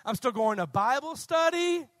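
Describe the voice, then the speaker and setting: A man preaching a sermon in an emphatic, animated way, calling out to his congregation. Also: very high voice, normal speed, dry recording.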